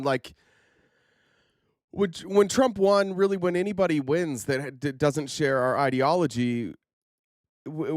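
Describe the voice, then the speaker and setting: A sarcastic political commentary host speaks straight into his livestream camera setup, his nose stuffed up from a sinus infection. He's animated, and his pitch jumps up whenever he gets indignant. The casual commentary sounds close and dry.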